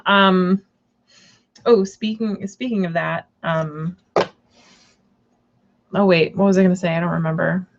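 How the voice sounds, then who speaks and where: A woman's voice: lowish voice, fairly even intonation, a little slow, pauses often, muffled recording, background noise. A woman chatting casually on a live stream, rambling with many fillers and restarts. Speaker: tarot reader and shop owner.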